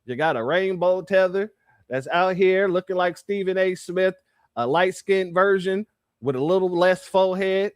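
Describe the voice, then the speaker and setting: High-pitched emphatic male commentator. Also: normal speed, smooth, dry recording, clean studio sound. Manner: emphatic, repeats phrases, addresses viewers as family. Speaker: commentary channel host. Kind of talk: reaction commentary.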